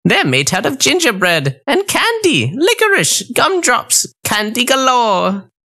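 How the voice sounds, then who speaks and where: High screechy storybook witch, bossy and greedy, voice swooping way up and down, bright and cutting, a guy putting her on. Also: huge pitch swings, measured pace, exaggerated voice. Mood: dreamy. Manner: high screechy put-on voice, snapping and cooing. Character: shrill green-skinned child-eating female witch, bossy. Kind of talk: audiobook character voice.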